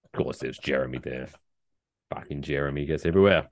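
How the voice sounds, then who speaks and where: A man's voice: a bass voice, fairly quick. A man co-hosting a comedy podcast, swearing and joking in loose, profane banter. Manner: profane, joking, slips into silly put-on voices. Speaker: podcast co-host.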